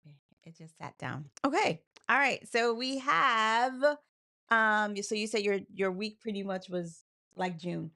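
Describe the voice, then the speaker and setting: A woman from New York co-hosting a casual live chat, talking fast and laughing often. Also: mid-range voice, lively intonation, pushed and bright. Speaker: co-host.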